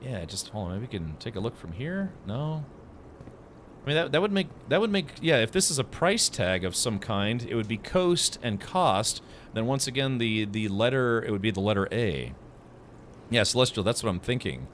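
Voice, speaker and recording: A man's voice: medium pitch, big pitch swings, normal speed, fairly bright tone, slight background noise. A man streaming a video game, chatting casually with his viewers in a sarcastic, joking way. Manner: sarcastic, chatty, laughs at his own jokes; talks to chat. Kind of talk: casual live-stream chat while playing.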